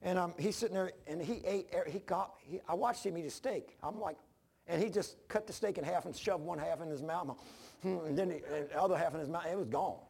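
Preacher, man, gravelly and husky, rambling self-mocking storyteller. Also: on the high side, fast, darkish tone. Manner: rambling, self-deprecating, restarts often. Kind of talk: informal storytelling sermon.

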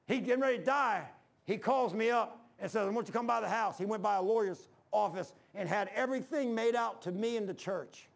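A male preacher delivers a sermon in a church, in a high, gravelly voice. He tells folksy stories and acts out the dialogue as he goes. His delivery is colloquial and conversational. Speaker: pastor.

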